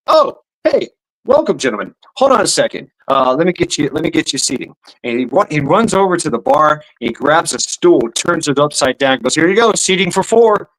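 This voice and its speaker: Man, streamer host, somewhat high voice, crude joke-telling, profane, loose. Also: a bit bright, low-quality recording. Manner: loose, profane, laughs at his own jokes.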